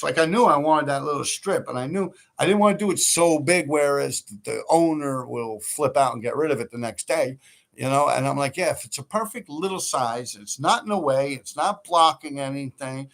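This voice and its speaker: A man's voice: fairly high pitch, creaky, fairly bright tone. A man who tells stories in a rambling, profane way on a livestream he hosts, laughing often. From New York City. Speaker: livestream host. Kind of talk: casual storytelling.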